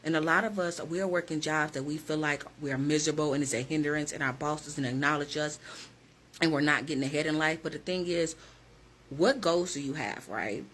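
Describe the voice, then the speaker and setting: A woman's voice: sits low, fairly quick, a bit bright, slight background noise. A woman who works as a hiring manager, talking straight to her viewers in a direct, emphatic motivational vlog.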